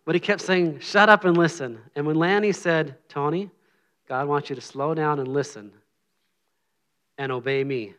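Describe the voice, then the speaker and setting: Lay preacher, middle-aged man, slightly high voice, earnest and humble, conversational sermon delivery. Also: moderate pace, long pauses, smooth. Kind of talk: informal sermon with prayer.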